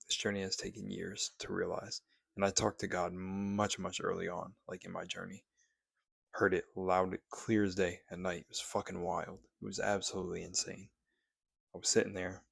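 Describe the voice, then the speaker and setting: A man's voice: sits low, vocal fry, no room sound, studio quality. A young man talking casually and preachily to camera, swearing freely as he encourages his viewers. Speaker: spiritual vlogger. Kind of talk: casual motivational monologue.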